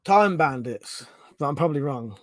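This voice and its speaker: Streamer, Home Counties English man, casual and profane, slightly raised pitch, dry close-mic room. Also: lively intonation, moderate pace, no echo. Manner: swears freely, reads out chat questions, thinks aloud. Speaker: live-stream host. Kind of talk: casual live-stream chat.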